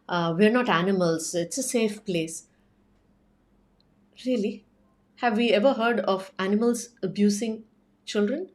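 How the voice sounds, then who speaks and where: A woman's voice: medium pitch, a little mellow. A woman giving an earnest talk to parents about child safety, urging action through rhetorical questions. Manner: urgent, persuasive, posing questions.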